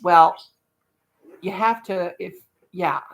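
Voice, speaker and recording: A woman's voice: fairly low pitch, slow pace. A woman chatting casually on her livestream, folksy and talkative, breaking into baby talk to her dog now and then. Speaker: livestream vlogger.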